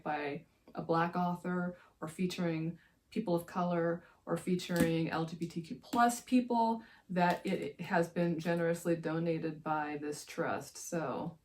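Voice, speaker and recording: A woman's voice: fairly low pitch, darkish tone. A woman who writes romance, chatting casually and enthusiastically about books she loved, wandering into side stories. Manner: gushing, digressive, enthusiastic. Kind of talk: casual book-review chat.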